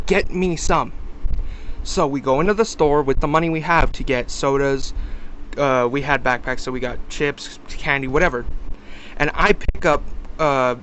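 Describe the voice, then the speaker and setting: A young man casually telling a personal story on a vlog, animated and swearing, acting out the other people's lines loudly. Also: on the high side, slight background noise, low-quality recording.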